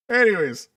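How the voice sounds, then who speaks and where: On a commentary stream, a male political commentator speaks to viewers in a high, light voice that sounds pushed and bright with a breathy edge, picked up from far off the mic. His easygoing talk is soaked in sarcasm, with drawn-out mock surprise and ridicule of the text he reads. He switches between rapid asides and slow, deliberate digs.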